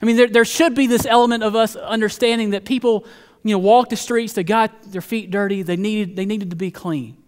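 A man's voice: high voice, fairly even intonation, fairly quick, clean tone. Earnest preaching man in echoing church. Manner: earnest, repeats words while building a point. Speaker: pastor. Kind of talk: sermon. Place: church sanctuary.

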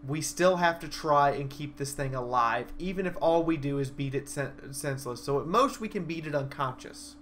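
A young man excitedly recapping a live-action role-play battle in a vlog, a dramatic storyteller whose voice leaps up and down. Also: moderate pace, hardly any pauses, slight background noise. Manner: animated, dramatic storyteller with big swings in pitch and loudness.

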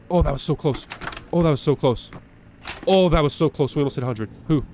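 A man giving live commentary as he plays a horror game. He is jumpy and nervous, repeats words in quick bursts and begs the game's enemies to go away. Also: on the high side, darkish tone, a little hiss or hum. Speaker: gaming video creator. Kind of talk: live let's-play commentary.

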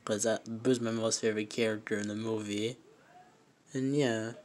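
A young man filming a casual toy review vlog on a handheld phone, talking in a halting, rambling way with many fillers and restarts, his voice emotional. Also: on the low side, level tone, a little mellow. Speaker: vlogger. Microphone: handheld phone camera.

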